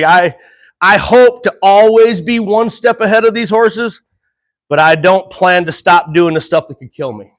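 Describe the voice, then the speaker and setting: During a laid-back horse-training session, a middle-aged man explains as he works. He's sincere and energetic, pausing to chuckle and settling into calm breaths, with a voice that sits high.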